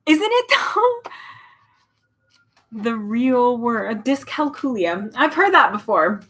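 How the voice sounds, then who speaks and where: Animated woman reading a storybook aloud. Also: on the high side, slow pace. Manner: chatty asides, animated. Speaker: storybook reader. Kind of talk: reading a children's novel aloud.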